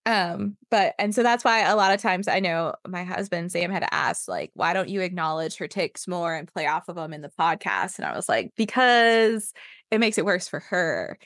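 A woman's voice: lowish voice, moderate pace, hardly any pauses, fairly bright tone, no room sound, clean studio sound. A woman co-hosting a podcast over a video call, chatting casually with lots of fillers and laughter. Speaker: podcast co-host. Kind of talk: casual chat. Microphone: remote video call.

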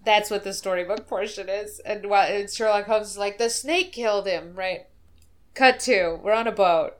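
Here is a woman co-hosting a podcast, her voice at an ordinary pitch for a woman. She recounts scenes with lively energy and throws in quick acted-out quotes along the way. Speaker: podcast co-host. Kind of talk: casual chat.

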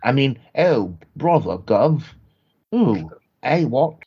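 A man's voice: medium pitch, sing-song, takes it slowly, husky, lo-fi sound, pitched above the performer's own voice, exaggerated voice. A man voicing a fussy, motherly elderly aunt who frets, exclaims and calls everyone dear. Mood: fussing.

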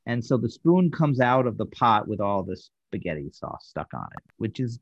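A man talks through a sitcom episode on a casual podcast, his pitch rising and falling with animation. He hesitates and restarts as he recaps scenes. The sound is dry and a little dull, like a modest home setup. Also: big pitch swings, moderate pace, dry recording. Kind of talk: casual review chat.

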